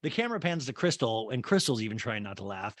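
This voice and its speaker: A man's voice: mid-range voice, big pitch swings, fast talker, fairly bright tone, dry recording, studio quality. A man hosting a podcast, recapping a show in a chatty, profane, incredulous way. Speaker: podcast host. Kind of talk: casual comedic recap.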